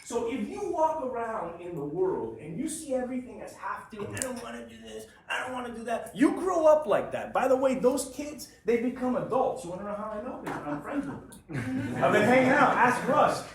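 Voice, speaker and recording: Brief: animated, high-voiced man working a crowd, swears freely, recorded far off in an echoey meeting room with the crowd audible. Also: normal speed. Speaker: speaker at a business networking meeting. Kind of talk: humorous motivational storytelling to a group. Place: meeting room with a live audience.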